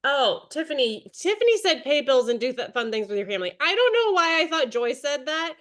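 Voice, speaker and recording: A woman in her thirties runs a video-call training session, chatty and encouraging as she calls on her team by name. Her voice sits a little on the high side. She talks in a friendly coaching tone. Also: very animated, fairly quick, a bit bright. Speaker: direct sales team leader.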